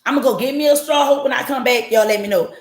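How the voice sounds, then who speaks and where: She sits high in pitch and talks fast, her voice echoing around the room. A podcast host on a home livestream setup, she tells her story to her chat bluntly and with profanity.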